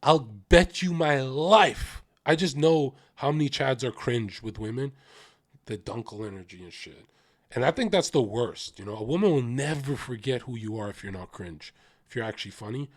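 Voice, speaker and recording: A young man streaming live, reacting to a podcast with loud jokes, crude swearing and sudden mimicking bursts. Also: moderate pace, no echo, studio quality. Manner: animated, jokey, swears freely and mimics people in sudden high bursts. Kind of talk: livestream reaction commentary.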